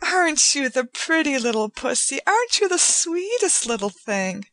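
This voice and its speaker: A woman's voice: high voice, big pitch swings, measured pace, fairly bright tone, dry recording, voice pushed up, exaggerated voice. A woman voicing an eager, affectionate young woman guest who gushes and coos in baby talk, in an audiobook reading. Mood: delighted cooing. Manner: gushing, cooing baby talk to a cat. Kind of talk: audiobook character voice.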